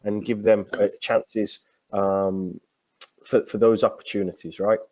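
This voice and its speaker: Male coach-host, lowish voice, muffled lo-fi video call, casual. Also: level tone, unhurried, darkish tone. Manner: casual, affirming interjections. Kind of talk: webinar hosting.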